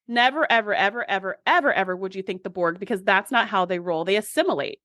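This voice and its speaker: A woman's voice: medium pitch, quick pace, no room sound, clean studio sound. A woman co-hosting a podcast, recapping an episode in casual chat and acting out her own reactions. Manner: animated, acts out reactions. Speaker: podcast co-host.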